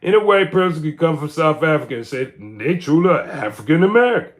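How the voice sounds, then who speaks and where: With a fairly high pitch, lively intonation, and a fairly quick pace, a man hosting a livestream rants in a casual, commentary style, stressing and repeating his points and tagging lines with "man."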